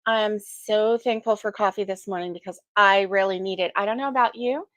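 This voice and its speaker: A woman's voice: medium pitch, a little fast, no room sound. A middle-aged woman hosting a casual morning crochet livestream, chatty and sleepy, yawning now and then as she greets viewers. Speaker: crochet channel host.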